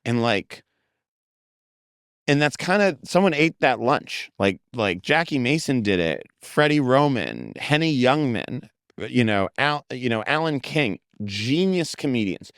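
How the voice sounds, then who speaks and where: A man from the United States, a comedian guest in a casual interview, talking quickly with many fillers and some swearing. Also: medium pitch, very animated, fairly bright tone, smooth, dry recording, clean studio sound.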